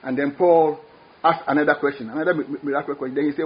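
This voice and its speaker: Male preacher, husky and fairly high voice, emphatic sermon delivery, dull lo-fi recording. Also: animated, fast talker. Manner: emphatic, repeats words, rising exclamations.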